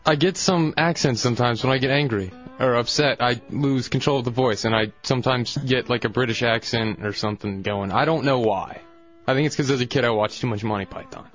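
A man on a radio show, rambling quickly through his opinions in a mid-pitched voice. The sound is dull and lo-fi, with faint music behind him. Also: a bit bright. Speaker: radio co-host. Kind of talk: casual radio banter.

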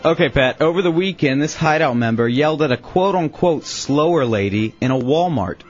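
A man on a radio show reading quiz clues in a dry, deadpan way. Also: a little high, fairly quick. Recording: dull lo-fi radio recording with faint music.

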